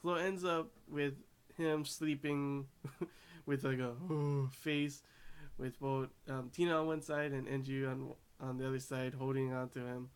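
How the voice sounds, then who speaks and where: A man's voice: mid-range voice, little pitch movement, measured pace, smooth. Rambling man gushing over an anime. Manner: rambling, many fillers and restarts; gushing about cute scenes. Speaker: anime reviewer. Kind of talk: casual episode recap.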